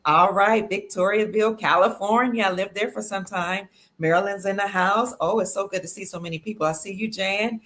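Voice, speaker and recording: A woman's voice: medium pitch, steady tone, fairly quick, fairly bright tone. Chatty upbeat woman hosting a livestream. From Cleveland, Ohio, USA. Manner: chatty and upbeat, reading out viewer comments. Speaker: livestream host. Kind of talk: casual livestream chat greeting viewers.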